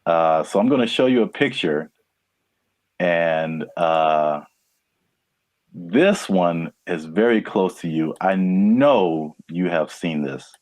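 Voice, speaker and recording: A man from California co-hosting a casual podcast, laid-back and quick to laugh, often trailing off mid-sentence. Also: deep voice, animated, darkish tone, dry recording. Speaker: podcast co-host.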